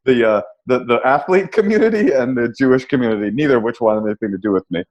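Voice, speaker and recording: A man's voice: medium pitch, lively intonation, fast talker, highs cut off. A man, a comedian guest, telling wry, self-deprecating stories in a casual podcast chat. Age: young adult.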